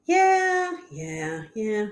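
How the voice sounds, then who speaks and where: A woman's voice: very high voice, lively intonation, drawn-out words, creaky. A woman co-hosting a talk show, discussing news in a conversational, earnest way and laughing easily. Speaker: podcast co-host. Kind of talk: casual discussion.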